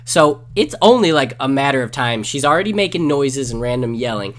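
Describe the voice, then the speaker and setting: Joking co-host, a man whose animated voice swoops around as he tells his stories. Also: medium pitch, brisk. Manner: joking and animated, acts out quoted lines. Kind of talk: casual chat.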